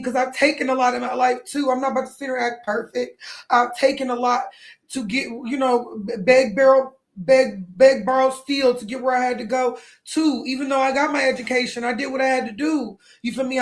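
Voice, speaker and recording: A young adult woman talking to viewers on a livestream, tearful and crying, rambling and pleading with many apologies. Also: sits high. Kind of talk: emotional livestream talk to viewers.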